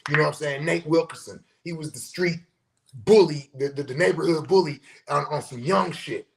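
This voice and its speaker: A middle-aged man in casual, profane storytelling on a podcast, animated and acting out what people said. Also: fairly high pitch, moderate pace, creaky, noisy background. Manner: profane, animated storyteller who acts out quotes. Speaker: podcast host.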